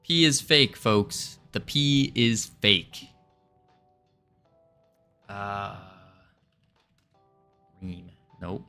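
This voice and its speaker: Guy streaming his coding, slow and easy talker, bright voice, bit of music playing behind. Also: on the low side, expressive. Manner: chatty, talks to viewers, playful asides. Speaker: game developer streaming. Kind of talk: casual live-stream chat while coding.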